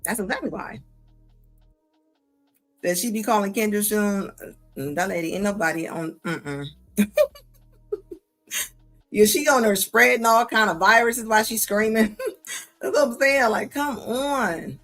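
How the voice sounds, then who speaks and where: A woman hosting a casual reaction video, talking in an animated, slangy way and laughing often. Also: medium pitch, unhurried, long pauses, faint music behind. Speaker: commentary video host.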